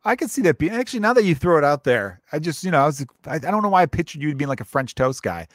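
A man hosting a casual podcast chat, chummy and quick to laugh. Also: fairly high pitch, sing-song, no room sound, clean studio sound. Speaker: podcast host.

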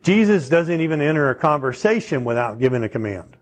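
Preaching a little fast, a man with a high-leaning voice swings widely in pitch. He teaches conversationally, often pausing to check in with the audience and ask them questions.

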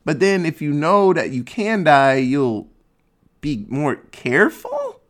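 A man's voice: a little high, wildly swooping pitch, slow pace. A man casually recapping a movie plot in a rambling, sarcastic way, swearing freely.

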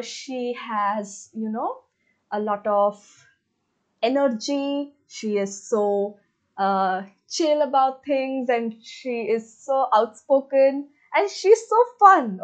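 Gushing, excitable young woman. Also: high voice. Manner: gushing, excitable, many fillers. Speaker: book reviewer. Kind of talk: casual book review vlog. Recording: slightly dull lo-fi audio.

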